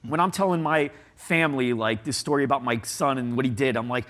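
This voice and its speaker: A man speaking as a guest in an interview, animated and storytelling, leaning on "like" a lot. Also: a little high, moderate pace. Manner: animated, storytelling, says "like" often. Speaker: guest agency CEO. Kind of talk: conversational interview.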